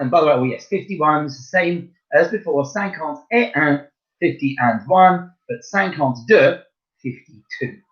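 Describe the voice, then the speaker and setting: Chatty teacher, slightly dull audio. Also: male voice, mid-range voice, a bit bright. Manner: encouraging, chatty, spells letters out slowly. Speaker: primary school French teacher. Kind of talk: recorded online lesson.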